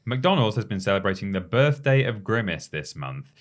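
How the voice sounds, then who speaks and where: A man's voice: fairly low pitch, big pitch swings, moderate pace. A man co-hosting a gaming podcast, reading a news article aloud with dry asides in casual chat. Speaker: podcast co-host.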